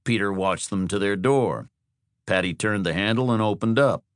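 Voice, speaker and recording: A man narrating an audiobook thriller in a measured, descriptive storytelling style. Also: on the low side, no echo, studio quality. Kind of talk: scripted narration.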